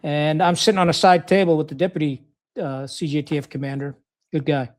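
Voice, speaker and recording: Speaking a little high and fairly fast in a level tone, this middle-aged Pakistani man, a retired Marine officer, is a podcast guest recounting his war stories. He's casual, blunt, and profane, and he performs the quoted lines.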